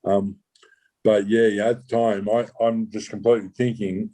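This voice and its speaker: Man, ex undercover cop, interview storytelling, halting restarts, casual swearing, low warm voice. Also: level tone, poor audio. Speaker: former undercover police officer. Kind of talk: recounting a true story in an interview.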